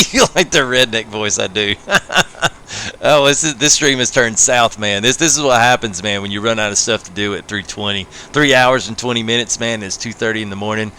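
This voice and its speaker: A man's voice: fairly low pitch, moderate pace, sharp tone, slight background noise. A man streaming a farming game live late at night, chatting casually with viewers, laughing often and tacking "man" onto his phrases. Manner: laid-back, laughs often, says "man" after many phrases. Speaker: gaming livestreamer. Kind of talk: casual livestream commentary.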